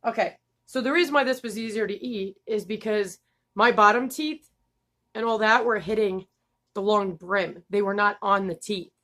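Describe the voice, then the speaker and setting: A woman's voice: mid-range voice, normal speed, a bit bright. A young woman vlogging casually, candid and laughing, swearing freely, with a slight lisp. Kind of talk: casual vlog talk.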